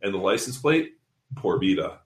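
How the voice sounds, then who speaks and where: A man's voice: low voice, big pitch swings, moderate pace, echoey room. A man coaching fitness seminars, telling a story in casual podcast talk, blunt and profane, acting out what people said. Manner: profane, blunt, acts out quotes.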